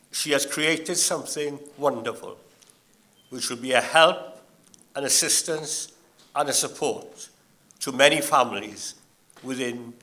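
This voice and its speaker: An older man giving a graduation address in a slow, measured and anecdotal manner. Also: medium pitch, pushed and bright. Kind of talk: ceremonial speech.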